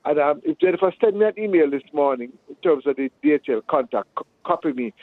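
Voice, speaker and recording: A man's voice: a little high, lively intonation, fast, no echo. A man from Jamaica with a Jamaican accent, a consumer radio presenter chatting casually as a phone guest, explaining patiently and laughing easily. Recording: dry, tinny phone line.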